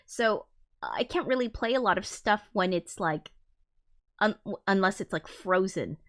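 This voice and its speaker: A woman hosts her own live stream and chats loosely with viewers between songs. She rambles, leans on fillers and swears freely, and she often reads viewer comments aloud. Her voice sits at a medium pitch. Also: animated, unhurried, fairly bright tone. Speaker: musician streamer. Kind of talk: casual live-stream chat.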